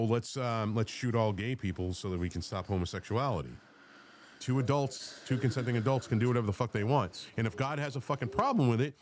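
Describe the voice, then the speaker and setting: A man hosting a podcast, delivering a blunt, profane, combative political rant. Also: mid-range voice.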